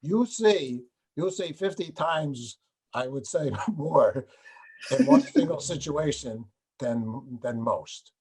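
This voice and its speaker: A man's voice: fairly high pitch, sing-song, slow, darkish tone, slight background noise. An older male host who talks in a rambling way in a casual interview, restarting his sentences and laughing as he talks. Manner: rambling, many restarts, laughs while talking.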